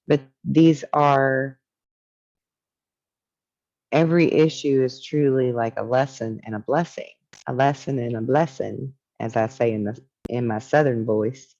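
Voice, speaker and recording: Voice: medium pitch, a little mellow, lo-fi sound. A spiritual teacher talking casually and reflectively, reading from a book and musing on its ideas.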